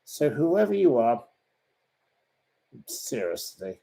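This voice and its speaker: Slow, mellow-voiced indignant man. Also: fairly low pitch, very animated, gravelly, rough recording. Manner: indignant, defensive, blunt. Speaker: host answering viewer questions. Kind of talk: casual live-stream chat.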